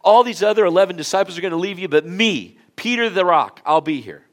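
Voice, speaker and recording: A pastor voicing a boastful, overconfident male disciple, loud and rushed, mid-sermon. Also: sits high, lively intonation, pitched above the performer's own voice, exaggerated voice.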